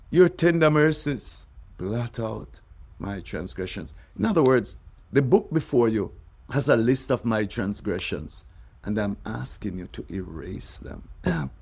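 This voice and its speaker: A man, a bishop, preaching a devotional sermon, drawing out key words and letting his phrases sink low and soft at the ends. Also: creaky, slightly rough.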